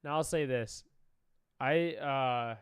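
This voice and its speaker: Slow-talking man doing shaken reaction commentary. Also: mid-range voice, clear, resonant tone, dry recording, clean studio sound. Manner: emotional, sighing, swearing, trailing off. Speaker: commentary streamer.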